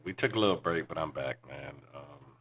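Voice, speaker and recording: Podcast host, man in his 40s, extremely low voice, laid-back and foul-mouthed storyteller, muffled lo-fi sound. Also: brisk, gravelly, slight background noise. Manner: profane, laid-back, drops to near-whispers. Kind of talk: casual storytelling.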